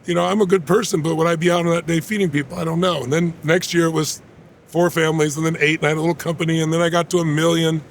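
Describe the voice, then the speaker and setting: Interview guest, man in his 60s: gravelly, rapid-fire, emphatic storyteller. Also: a little high, level tone, slight background noise.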